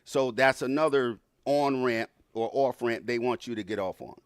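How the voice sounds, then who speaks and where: A man's voice: mid-range voice, normal speed, clear, resonant tone, no echo, clean studio sound. A man on an online panel making a lecturing argument built on an extended analogy.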